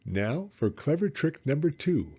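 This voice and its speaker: A man's voice: fairly high pitch, big pitch swings, unhurried, darkish tone, breathy edge, lo-fi sound, pitched above the performer's own voice, heavily acted. A man voicing an enormous, greedy and boastful male crocodile in a storybook read-aloud, gloating and sly. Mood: scheming.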